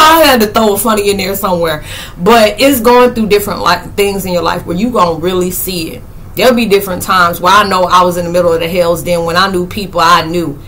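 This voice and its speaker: Animated woman telling stories with laughs. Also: a little hiss or hum, rough recording. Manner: animated, laughs often, acts out quotes in high squeals. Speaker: spiritual vlogger. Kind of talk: casual storytelling monologue.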